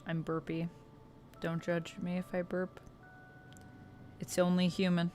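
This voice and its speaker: A woman's voice: on the low side, monotone, unhurried, darkish tone. A woman chatting casually on a livestream while she colors, reading out and thanking viewers. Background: faint background music.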